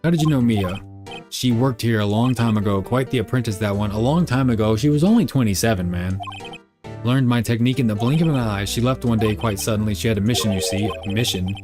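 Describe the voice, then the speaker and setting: A man's voice: fairly low pitch, quick pace, darkish tone, faint music behind, natural voice. A man voicing a pompous, evasive older male lawyer who hems and haws. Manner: stuffy, hemming and hawing.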